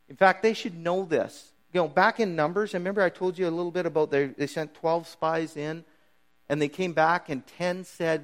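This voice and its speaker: A middle-aged man preaching a sermon in a casual, conversational way, briefly acting out the voices of biblical figures. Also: on the high side. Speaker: pastor.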